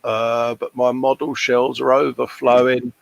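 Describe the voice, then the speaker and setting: A man's voice: medium pitch, level tone, measured pace, gravelly, no echo, dull audio. A British man with an English accent, hosting a casual livestream chat, reading out viewer comments and calling people mate. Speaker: livestream host.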